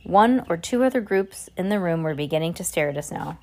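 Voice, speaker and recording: A woman's voice: on the low side, lively intonation, a little fast, darkish tone. A woman reading a children's novel aloud in a casual way, stumbling and correcting herself now and then. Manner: casual, with slips and self-corrections. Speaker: reader.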